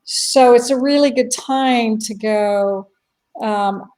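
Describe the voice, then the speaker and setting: Earnest woman with a higher voice. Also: slow pace, a little mellow, low-quality recording. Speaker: panel guest, blogger. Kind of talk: casual panel chat.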